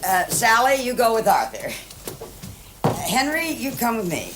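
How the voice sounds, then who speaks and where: An actress playing a wealthy middle-aged hostess who rambles with fillers. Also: female voice, a little high, huge pitch swings, unhurried, background noise. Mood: hostly. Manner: chatty, rambling with many fillers.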